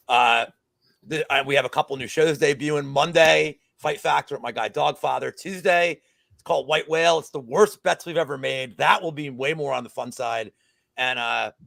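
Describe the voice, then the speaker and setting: Gravelly, excitable guest man. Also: mid-range voice, no room sound. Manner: excitable, swears freely. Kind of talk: casual chat.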